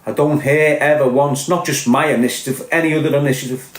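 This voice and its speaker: A man's voice: on the high side, steady tone, fast talker, roomy sound. A man with a Liverpool accent delivering a blunt, sweary, impassioned podcast rant. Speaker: podcast host. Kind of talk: ranting podcast monologue.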